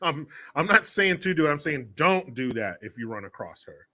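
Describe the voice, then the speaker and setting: A man hosting a political commentary show, sarcastic and animated, often laughing and swearing. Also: on the high side, moderate pace. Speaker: host.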